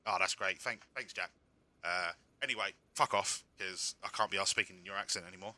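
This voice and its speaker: A man's voice: deep voice, a little fast, bright, forceful tone, no echo. A man giving casual, joking commentary while playing a game, sweary and self-mocking. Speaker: streamer.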